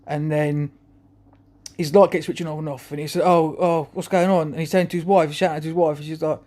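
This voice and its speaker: A man's voice: a little high, level tone, fast talker, warm tone. A man talking to camera in a rambling, chuckling monologue full of restarts. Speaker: vlogger.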